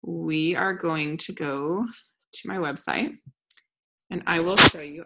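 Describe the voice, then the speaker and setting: A woman's voice: deep voice, steady tone, slow pace, gravelly, bright, forceful tone. A woman in her thirties giving a casual, upbeat business training talk, frank and full of restarts. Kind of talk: casual training talk over screen share.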